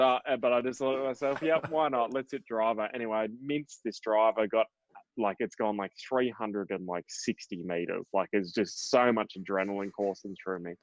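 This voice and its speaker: A man's voice: mid-range voice, no room sound. A young Australian man with an Australian accent, a professional golfer telling rambling stories with fillers and swearing as a guest in a casual interview. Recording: dull, dry podcast audio.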